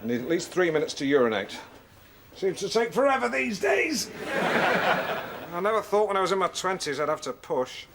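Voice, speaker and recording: A man's voice: high-pitched, wildly swooping pitch, moderate pace, noisy background, exaggerated voice. An actor playing a pompous, awkward middle-aged local radio host who fumbles, restarts and corrects himself as he chats on air. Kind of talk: comedy radio show banter.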